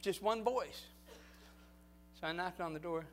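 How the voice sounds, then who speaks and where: High-voiced man preaching with fervor. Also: a little slow, a little hiss or hum. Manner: animated preaching that swings from quiet storytelling to loud exhortation. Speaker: pastor. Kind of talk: storytelling sermon.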